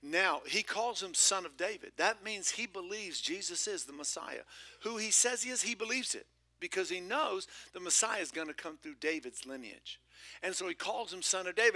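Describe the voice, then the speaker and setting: A man preaching a lively sermon as pastor of a church, shifting between loud exclamations and hushed whispers with playful asides. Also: sits high, fairly quick, dry recording. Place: church sanctuary.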